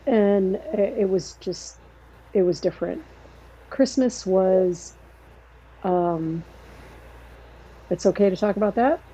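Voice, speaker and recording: A middle-aged woman telling a family story in casual conversation, rambling and halting, acting out quoted dialogue. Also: medium pitch, dark tone, slightly rough, poor audio. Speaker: podcast guest, sister.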